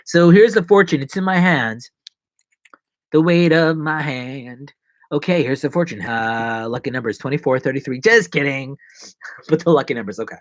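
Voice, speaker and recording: A man's voice: mid-range voice, lively intonation, fairly quick. A man hosting a casual live stream, rambling and joking as he chats to viewers from his seat at home. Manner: rambling, playful and jokey. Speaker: livestream host. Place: seated at home.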